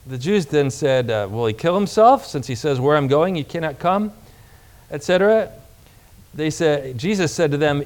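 A man delivers a sermon in a slightly higher-than-average voice. He preaches emphatically, drawing out key phrases and putting questions to his listeners. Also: expressive. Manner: emphatic preaching, slowing on key words and reading scripture aloud; addresses congregation with questions.

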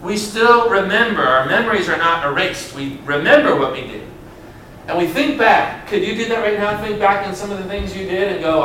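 High-voiced preaching man in echoey church. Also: lively intonation, pushed and bright, far from the mic. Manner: rhetorical questions, emphatic preaching with dramatic pauses. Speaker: pastor. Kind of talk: sermon. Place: church sanctuary. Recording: roomy church sound from afar, faint hiss.

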